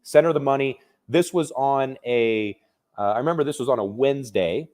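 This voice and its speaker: Man, mid-pitch, real estate investor, casual storyteller, conversational with fillers. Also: normal speed, a little mellow. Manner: conversational, restarts and fillers, vivid retelling.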